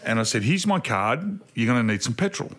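Aussie guy in his 40s on a podcast, animated storyteller, does the voices in his stories. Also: mid-range voice, fairly quick. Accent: Australian. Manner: animated storyteller, acts out quotes. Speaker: podcast co-host. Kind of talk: casual chat.

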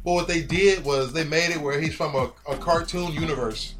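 A man in casual chat, telling a story in an animated, profane way and acting out quotes. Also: fairly high pitch, moderate pace, over music.

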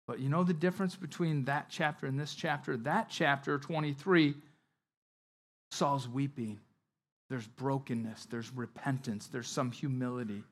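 A male pastor preaching a sermon in a conversational way, acting out the scenes with energy. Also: mid-range voice. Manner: conversational, animated when acting out Bible scenes.

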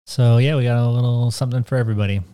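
A man's voice: mid-range voice, steady tone, rapid-fire, dark tone, clean tone. A man from North America co-hosting a casual podcast chat, telling stories in a rambling way with lots of fillers. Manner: rambling, filler-heavy storytelling. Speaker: podcast co-host.

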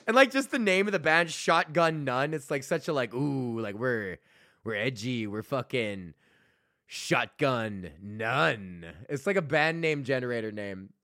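A man's voice: medium pitch, animated, measured pace, pushed and bright, no echo, studio quality. A young man hosting a podcast, ranting casually with constant swearing, rambling asides and frequent laughter. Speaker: podcast host. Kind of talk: profane casual rant.

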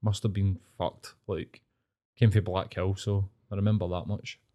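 A man with a Glaswegian Scottish accent, co-hosting a podcast, telling stories in a casual, sweary, animated way. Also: deep voice, normal speed, muffled recording. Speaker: podcast co-host. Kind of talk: casual chat.

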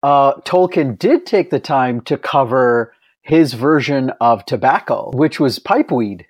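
A man's voice: mid-range voice, lively intonation, unhurried, slightly rough, no echo. A man co-hosting a casual podcast chat, joking and laughing as he talks. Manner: playful, laughs a lot.

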